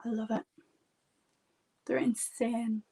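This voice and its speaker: A woman's voice: a little high, level tone, slow pace, gravelly, warm tone, husky. A woman with a Yorkshire accent in her thirties, a makeup artist chatting casually on a live stream in a rambling way with lots of "like". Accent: Yorkshire English. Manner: chatty and rambling, heavy use of "like".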